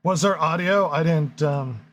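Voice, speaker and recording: A man's voice: fairly high pitch, unhurried, fairly bright tone. A man co-hosting a casual gaming podcast, joking and teasing as he sets things up. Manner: joking, teasing, laughs along. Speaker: podcast co-host. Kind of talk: casual chat.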